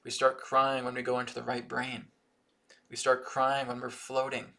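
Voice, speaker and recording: A man's voice: mid-range voice, monotone, normal speed, vocal fry, sharp tone. A man hosting a live-stream spiritual teaching and Q&A, talking earnestly and often checking in with "right?" and "okay?". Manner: reads viewer comments aloud from the chat.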